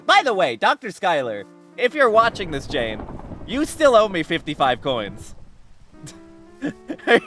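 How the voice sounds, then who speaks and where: A man's voice: high voice, huge pitch swings, a little slow, long pauses, a bit bright, soft background music. Rambling upbeat male streamer. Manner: rambling, many restarts and laughs. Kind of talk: casual game livestream chat.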